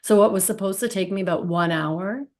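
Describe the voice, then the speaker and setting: A woman in her thirties chatting as a podcast guest. Her voice sits at a middling pitch. She tells her story loosely, full of "like"s and quick restarts. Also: a little mellow. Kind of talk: casual storytelling.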